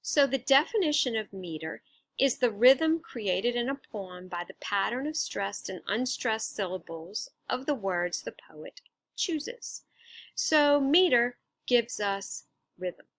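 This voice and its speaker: A woman's voice: fairly high pitch, animated, slow, fairly bright tone, dry recording. A woman teacher patiently explaining a lesson, stressing syllables as she goes. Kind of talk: recorded instructional lesson.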